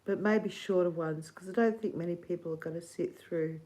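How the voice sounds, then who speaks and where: A woman's voice: on the low side, a little fast, mellow, rough recording. A middle-aged Australian woman hosting a casual livestream, rambling and giggly, swearing casually. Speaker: livestream host.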